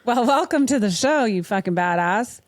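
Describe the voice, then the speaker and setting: A woman's voice: a little high, lively intonation, normal speed, dry recording, clean studio sound. A woman hosting a podcast, chatting casually, swearing freely and laughing often. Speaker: podcast host. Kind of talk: casual interview chat.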